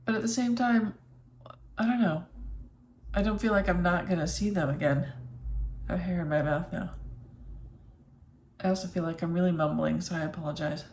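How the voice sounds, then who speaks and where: A woman's voice: lowish voice, moderate pace, long pauses, a little mellow, a little hiss or hum. A tired middle-aged woman chatting casually in an emptied home office, emotional and full of fillers. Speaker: vlogger. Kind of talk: casual vlog chat.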